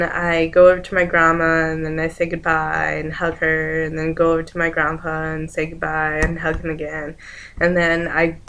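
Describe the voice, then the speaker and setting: A woman's voice: deep voice, a bit bright. A young woman casually retelling a dream, rambling from one event to the next and acting out what people said. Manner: rambling, chains events with "and then", acts out quoted lines. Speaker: vlogger.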